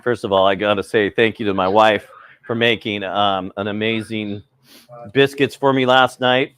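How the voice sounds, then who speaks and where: A man's voice: fairly low pitch, steady tone, moderate pace, a bit bright, clean tone. A middle-aged man hosting a live cooking stream, rambling casually and greeting viewers by name, a little cold.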